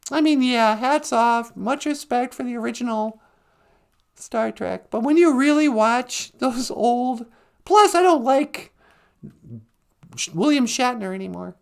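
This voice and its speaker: A man putting on a high, creaky, sing-song voice as a chatty trickster character who hosts a live stream, rambling and opinionated. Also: a little slow, exaggerated voice. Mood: gossipy. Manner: rambling, opinionated, mocks and laughs.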